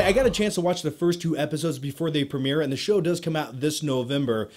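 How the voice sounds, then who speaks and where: A man's voice: fairly high pitch, fast talker, hardly any pauses, over loud music. A man hosting a casual movie Q&A vlog, chatty and upbeat with self-deprecating asides. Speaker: YouTube movie reviewer host.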